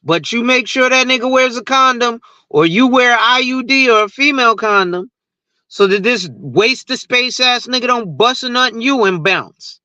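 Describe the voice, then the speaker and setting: A man's voice: extremely high pitch, normal speed, sharp tone, no echo, poor audio. A man who talks insurance on social media, ranting in a casual, profane and rambling way and laughing at his own stories. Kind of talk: casual rant to camera.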